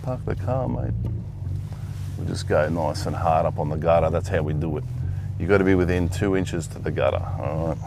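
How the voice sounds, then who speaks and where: A man's voice: a bass voice, fairly even intonation, fairly quick, background noise. A man, chatting casually to the camera as he parks his car and films it, self-deprecating and talking to himself. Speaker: car vlogger. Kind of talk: casual vlog narration. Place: in a parked car, then outside beside it. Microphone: handheld camera.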